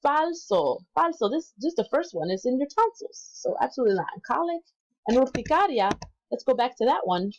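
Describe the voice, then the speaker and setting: A woman as an instructor in a recorded lesson, patiently repeating words slowly for learners and correcting herself aloud. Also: high voice, very animated, muffled recording. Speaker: Spanish instructor.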